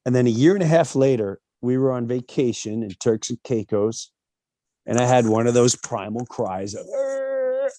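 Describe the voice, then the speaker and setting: A middle-aged man telling personal stories as an interview guest, animated and acting out other people's voices with big jumps in pitch. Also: normal speed, dry recording.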